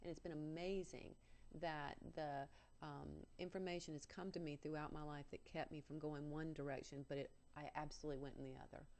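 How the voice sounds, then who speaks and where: A woman's voice: sits low, steady tone, fairly quick, darkish tone. A woman guest telling a personal story on a talk show, earnest and candid with self-mocking humor.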